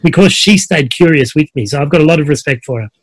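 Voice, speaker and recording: The dry recording captures a fairly high, breathy-edged voice talking fast. It belongs to a middle-aged coach with an Australian accent, a guest on a video call who chats casually and tells relaxed stories packed with fillers.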